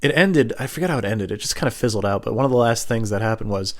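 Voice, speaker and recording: A man's voice: fairly low pitch, animated, fast. A young adult man telling a story in a loose, meandering, self-mocking way, swearing casually. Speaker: host.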